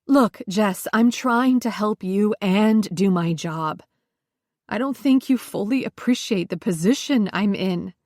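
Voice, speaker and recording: Brief: a gentle, uneasy social worker friend, voiced by a woman reader, quiet and dry. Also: mid-range voice, unhurried, no echo, natural voice. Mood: placating. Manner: soft, hedging and placating.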